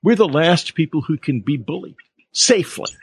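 Man, interview host, husky voice, lively pitch, reflective questions, casual chat. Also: normal speed. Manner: asks reflective, open questions.

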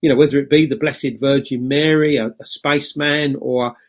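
A man's voice: medium pitch, fairly even intonation, normal speed. A man being interviewed as a guest author, speaking in a thoughtful, speculative way with frequent ums. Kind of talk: casual interview talk.

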